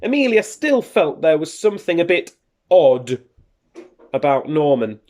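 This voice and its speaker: A woman teacher reading a picture book aloud to young children in an animated, expressive way. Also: sits low, a little slow. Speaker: primary school teacher.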